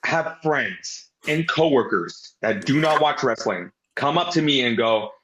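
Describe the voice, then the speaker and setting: A man's voice: medium pitch, expressive, unhurried, background noise. A man co-hosting a podcast, talking casually with strong opinions and some swearing. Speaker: podcast co-host. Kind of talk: casual chat.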